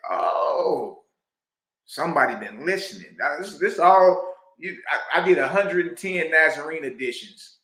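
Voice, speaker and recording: A man with a bright, forceful, fairly high voice gives lively reaction commentary, breaking into laughter and asking "you dig?" like a preacher. The room is echoey, the sound bouncing around him. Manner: loud, excitable, laughs often, preacherly asides with "you dig". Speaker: reaction video host. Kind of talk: animated commentary reacting to a clip.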